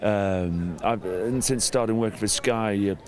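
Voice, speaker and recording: A middle-aged English man, a former rugby player, chatting in an outdoor interview, self-mocking and growing animated. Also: fairly low pitch, measured pace. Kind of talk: casual interview chat. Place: outdoors at a sports venue.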